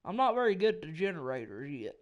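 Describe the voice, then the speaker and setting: A man's voice: on the high side, big pitch swings, fast talker, muffled recording. A man hosting a let's play, commenting nervously with lots of swearing. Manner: profane, nervous muttering. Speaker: gaming video host.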